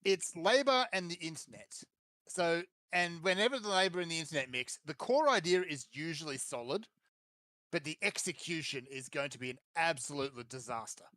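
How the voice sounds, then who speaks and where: A man's voice: on the high side, lively intonation, normal speed, pushed and bright, dry recording. A man, chatting casually as a podcast co-host, easygoing and plainspoken. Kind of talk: casual chat.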